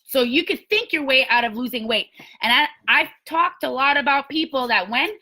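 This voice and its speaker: A woman's voice: sits high, moderate pace, bright, forceful tone. A woman giving an emphatic, blunt motivational talk to a sales team, with some mild swearing. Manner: emphatic, blunt, mildly profane pep talk.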